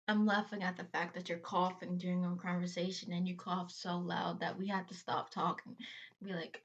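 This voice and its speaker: A woman's voice: lowish voice, little pitch movement, moderate pace, dull audio. A woman hosting a reaction video, chatting casually and rambling into side rants, laughing between her thoughts. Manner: chatty, tangent-prone, laughs between phrases.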